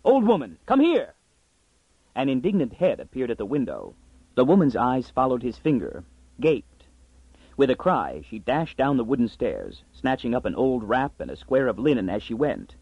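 A man narrating a story in an expressive, scripted reading. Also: medium pitch, moderate pace, breathy edge, no echo. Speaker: audiobook narrator. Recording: dry, slightly muffled audiobook.

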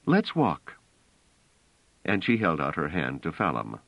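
A man with a very deep voice narrates an audiobook, his pitch moving in a lively, expressive way. His reading is measured and clear in pacing. The recording is dry and a little dull. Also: no echo. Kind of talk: scripted narration.

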